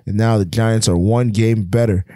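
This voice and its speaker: A man's voice: fairly low pitch, fairly even intonation, moderate pace, warm tone, no echo, clean studio sound. Man teasing his co-host about sports picks. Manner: argumentative, teasing, sighing. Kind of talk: casual sports podcast chat.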